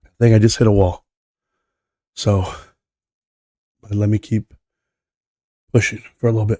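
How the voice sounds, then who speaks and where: A man hosting a live stream while sick, coughing and clearing his throat as he rambles on. His voice sits fairly low and the sound is dry and close. He talks in a loose, casual way. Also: fairly even intonation, unhurried, pauses often, mellow, dry recording.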